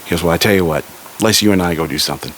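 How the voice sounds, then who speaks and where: A man with a low voice tells a long family story in a relaxed, animated way and jumps up higher whenever he quotes someone. He is from Southern California. A faint hiss sits under the recording. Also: racing. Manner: animated, raises pitch for quoted characters. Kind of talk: casual spoken storytelling.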